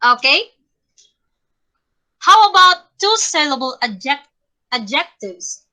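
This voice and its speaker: A young adult woman with a Filipino English accent teaching a class, speaking deliberately and checking in with the students often. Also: high-pitched, very animated, bright, forceful tone, poor audio. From Philippines. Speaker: teacher in a class role-play.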